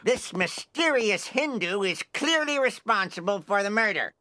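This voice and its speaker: A dim, lazy police inspector in a cartoon, his drawl bright and a bit nasal-sharp. He waves things off with a bouncing, lively intonation. The sound is close and dry. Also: sits high, normal speed, no echo. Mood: smug.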